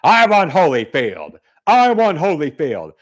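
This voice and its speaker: A man's voice: on the high side, huge pitch swings, measured pace. A man voicing a boastful male boxer who hypes an upcoming fight like a promoter.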